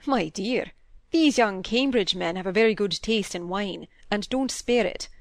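A woman's voice: medium pitch, a little slow, dry recording, lightly acted. A dry, practical middle-aged doctor speaking with a wry edge, read by a woman in an audiobook. The recording is close and dry. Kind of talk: audiobook reading.

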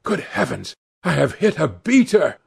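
A man voicing a brusque, blustering upper-class hunting gentleman in a storybook reading. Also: fairly high pitch, lively intonation, unhurried, vocal fry, exaggerated voice.

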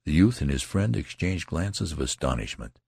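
A man reading a classic novel aloud as an audiobook narrator, expressive and unhurried. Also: rumbling low, creaky, breathy edge, no room sound, clean studio sound.

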